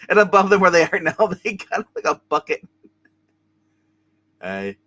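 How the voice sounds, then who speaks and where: A man hosting a live comic reading, playful and quick to laugh. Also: sits high, very animated, pushed and bright, no room sound. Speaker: comic reader and channel host.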